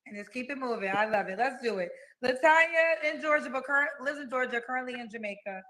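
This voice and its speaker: A woman's voice: a little high, expressive, fast talker, sharp tone, rough recording. A woman hosting a dating show, chatting with a guest in a familiar, easygoing way. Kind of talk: casual interview chat.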